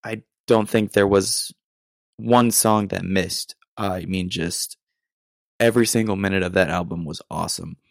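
A man's voice: sits low, steady tone, measured pace, gravelly, dry recording, studio quality. A young American man hosting a casual solo podcast, rambling in a self-deprecating way with lots of ums and restarts. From United States. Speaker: podcast host.

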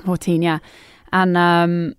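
A woman guest on a podcast, chatting casually in a relaxed, good-humored way. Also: fairly low pitch, slow, smooth, no room sound, studio quality. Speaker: guest musician and actress. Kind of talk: casual interview chat.

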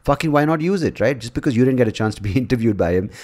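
A man's voice: mid-range voice, racing. A man hosting his own podcast in a rambling, casual monologue, swearing freely and restarting his sentences often. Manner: rambling, profane, animated, many restarts. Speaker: podcast host.

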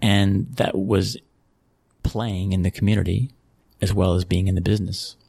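A man's voice: low voice, little pitch movement, moderate pace, creaky, warm tone, breathy edge, dry recording, clean studio sound. An American man from Texas telling stories in a casual interview, rambling with restarts and frequent chuckles. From Texas, USA. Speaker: interview guest, football club executive.

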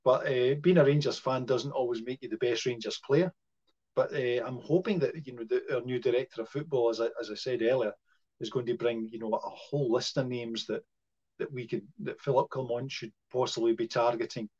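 A man talks football on a podcast in an easy chat. He stops and restarts often and leans on fillers as he thinks aloud. The recording sounds muffled and lo-fi, and his pitch sits in the middle. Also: fairly even intonation, brisk, a little mellow, slightly rough. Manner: hesitant, lots of fillers and restarts. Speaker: podcast co-host. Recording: muffled lo-fi audio.

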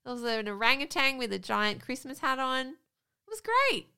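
A woman co-hosting a podcast in casual chat, chatty and animated, laughing often as she tells stories. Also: high-pitched, moderate pace, smooth. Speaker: podcast co-host.

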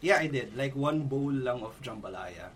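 A man with a Filipino accent, a podcast guest telling stories in relaxed chat, mixing English and Filipino, with some swearing. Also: medium pitch, moderate pace, breathy edge. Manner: switching between English and Filipino, laid-back storytelling with profanity. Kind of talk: casual chat.

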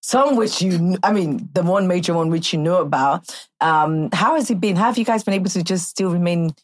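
A woman in her thirties hosts a podcast in casual, friendly chat. She teases her guest playfully, and her voice sits slightly low. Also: brisk. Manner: chatty and teasing. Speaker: podcast host.

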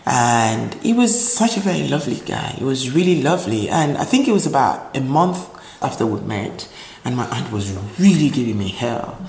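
A man from Nigeria telling his life story in an interview, animated and acting out voices in the quotes. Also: medium pitch, moderate pace, vocal fry, a little hiss or hum. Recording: roomy echo with faint ambience.

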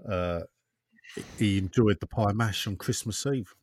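A man co-hosting a casual football podcast, rambling and jokey, often trailing off quietly. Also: lowish voice, unhurried, slightly rough, no room sound, clean studio sound. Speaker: podcast co-host.

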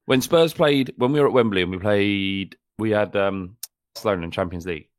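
A man's voice: on the low side, a little fast, no echo, clean studio sound. A man co-hosting a football podcast, talking bluntly with stammering restarts and the odd swear. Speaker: podcast co-host. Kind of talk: casual football chat.

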